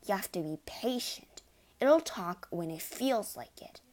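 A woman's voice: medium pitch, lively intonation, measured pace, darkish tone, lightly acted. A woman voicing an easygoing boy who talks in a casual, matter-of-fact way. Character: easygoing boy, a school friend.

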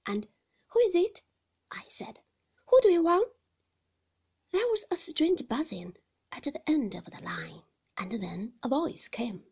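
A woman narrating a novel in a hushed, half-whispered, tense way. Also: a little high, gravelly, breathy edge. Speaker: audiobook narrator.

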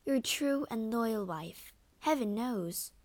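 Woman doing a soft-spoken pleading young wife. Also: a little high, expressive, slow pace, no room sound, pitched above the performer's own voice.

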